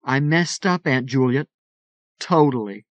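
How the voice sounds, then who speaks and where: A man's voice: mid-range voice, animated, a little slow, no room sound, close to an everyday voice. A man voicing a shaken, blunt teenage girl who talks in slang with a quavering voice.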